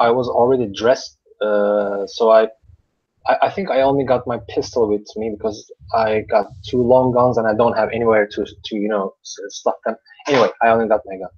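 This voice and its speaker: A man's voice: medium pitch, a little fast, a little mellow, slightly rough. Hesitant man on a dull lo-fi mic. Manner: hesitant, asks rules questions. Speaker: player. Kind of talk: casual tabletop play. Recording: dull lo-fi sound.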